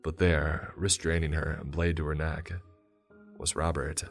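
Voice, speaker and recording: A man with an extremely deep voice reads a first-person story. His delivery is steady and measured, with faint music playing underneath. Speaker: narrator.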